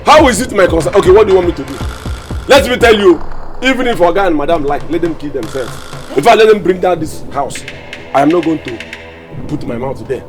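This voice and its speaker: A man acts out a stubborn, loud-mouthed Nigerian gateman who keeps repeating his points. His voice sits a little high. A music track runs clearly behind him. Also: animated, fairly quick, lightly acted. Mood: defiant. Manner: loud, defiant, repeats himself. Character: loud, stubborn male gateman and con artist. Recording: film scene with music underneath. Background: background music.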